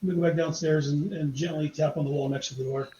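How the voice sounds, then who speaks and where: A man taking part in a tabletop game speaks politely and earnestly in a high voice. His room is echoey, and the sound is slightly dull. He talks at an even, courteous pace. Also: quick pace, slight background noise. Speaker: player. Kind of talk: casual tabletop play.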